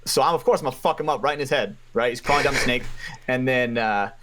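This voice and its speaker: A man's voice: medium pitch, quick pace, background noise. A man telling paintball stories as a podcast guest in casual chat, swearing freely. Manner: animated storyteller, heavy swearing.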